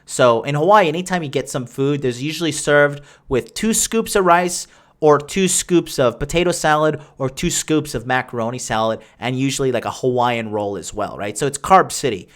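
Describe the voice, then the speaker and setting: A young man hosts a podcast, answering listener questions in a medium-pitched voice at normal speed. His monologue is crude, boastful, and rambling, full of fillers and restarts.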